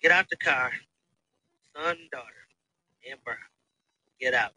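A man in his thirties hosting a casual podcast, telling profane, animated stories. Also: mid-range voice, unhurried, no echo, poor audio. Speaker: podcast host. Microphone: phone.

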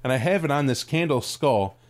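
A man's voice: medium pitch, animated, a little fast. A man co-hosting a podcast, telling a funny anecdote in casual chat, laughing and swearing. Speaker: podcast co-host.

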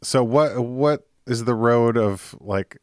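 A man's voice: mid-range voice, takes it slowly, clear, resonant tone, no room sound, clean studio sound. A man hosting a podcast, asking hesitant questions in casual chat and laughing as he asks. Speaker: podcast host.

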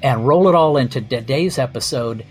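A man's voice: mid-range voice, normal speed, a little mellow, faint music behind. A man hosting a podcast, telling a comic story in a wry, sardonic and profane way. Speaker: podcast host. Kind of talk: comedic storytelling monologue.

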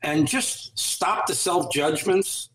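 A man's voice: fairly high pitch, takes it slowly, fairly bright tone, reverberant, a little hiss or hum, low-quality recording. A man speaking as a guest in an interview, giving earnest, motivational advice with a coaching tone.

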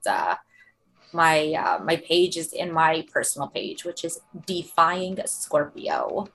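New york lady guest on a podcast, talks super fast, kinda low voice, rambles. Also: fairly bright tone. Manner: fast, rambling, swears freely. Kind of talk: casual chat.

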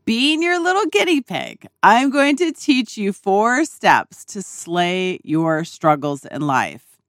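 Her story unfolds at a relaxed pace, the host's sing-song voice rising and falling widely as she laughs and swears offhandedly. The recording, made in a small RV dinette, is close and dry with no room sound.

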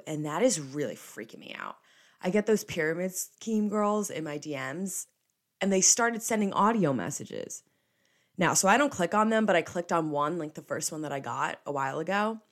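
A young woman hosts a casual solo podcast in a slightly low voice. She talks in a chatty, emphatic way and slides easily into playful rants. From New Jersey. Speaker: podcast host.

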